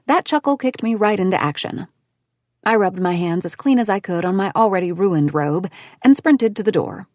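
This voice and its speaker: A woman narrating a first-person audiobook in an expressive, animated way. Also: medium pitch, dry recording.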